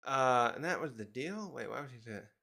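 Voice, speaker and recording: A man's voice: mid-range voice, sing-song, quick pace, gravelly, pushed and bright. A man casually reviewing a manga chapter, rambling, correcting himself and reading the panels aloud.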